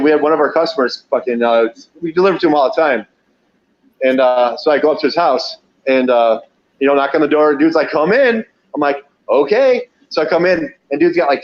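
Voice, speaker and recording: A man telling wild delivery-job stories in a loose, profane, rambling way, laughing often and acting out what people said. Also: on the high side. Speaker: podcast guest, pizza delivery driver. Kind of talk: casual storytelling. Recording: dull lo-fi audio.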